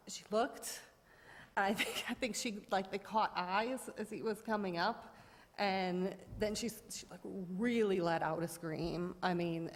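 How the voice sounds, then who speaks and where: A woman speaks at a town board hearing, rambling through her account with constant fillers and restarts. Her voice sits at an average pitch for a woman. The room gives it a long, hall-like reverb. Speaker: dog owner at a public hearing. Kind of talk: informal testimony.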